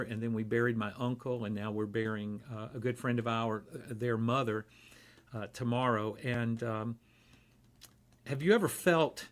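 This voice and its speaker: A man giving a relaxed, conversational devotional talk in a church, with frequent pauses and fillers. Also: mid-range voice.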